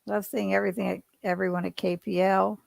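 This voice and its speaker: A woman's voice: medium pitch, level tone, fast talker, creaky, dry recording. A woman hosting a livestream, chatting and reading viewer comments aloud. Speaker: livestream host. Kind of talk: casual livestream interview.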